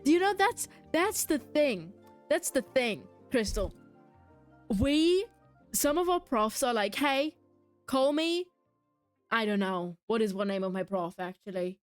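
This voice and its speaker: A woman's voice: on the high side, expressive, measured pace, soft background music. A young adult woman streaming a game, rambling in casual chat, answering her viewers and laughing often. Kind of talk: casual chat while gaming, reading chat aloud.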